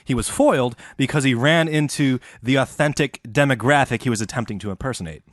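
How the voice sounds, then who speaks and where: A man's voice: medium pitch, fairly quick, dry recording, clean studio sound. A man hosting a comedy history podcast, telling the story in a casual, profane, joking way. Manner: profane, jokey, acts out quotes.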